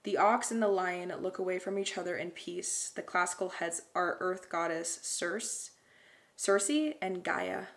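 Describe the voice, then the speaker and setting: Here a young woman reads tarot for viewers in a pick-a-card format, her lowish voice unhurried and touched with vocal fry. Effusive and emotional, she keeps exclaiming over the cards and addresses everyone as "guys."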